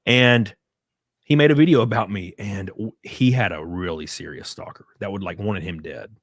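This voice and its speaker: A man's voice: lowish voice, moderate pace, dry recording. Guy rambling thru a story on a live stream, lots of likes and ums, dry close mic. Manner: rambling, animated, many fillers and acted quotes. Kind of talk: casual storytelling chat.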